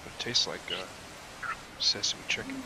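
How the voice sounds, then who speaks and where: Playing a game, a young gaming channel host gives rambling, offhand commentary at a measured pace, full of fillers and casual cursing. He hiccups and clears his throat at times, and there's background noise.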